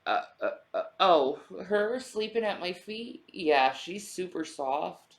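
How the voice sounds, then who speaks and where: A male streamer chatting casually on a livestream at home, often slipping into soft baby talk to his pet cat. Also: sits high, animated, takes it slowly, low-quality recording.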